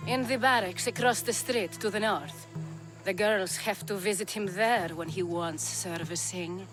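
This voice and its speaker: A woman's voice: medium pitch, measured pace, music in the background, natural voice. An actress playing a sultry, teasing female brothel madam.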